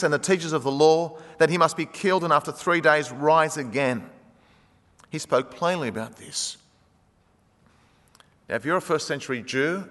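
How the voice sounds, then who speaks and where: A man preaching a sermon, animated, acting out the quoted speech of the people in his story. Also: fairly high pitch. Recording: long hall reverb.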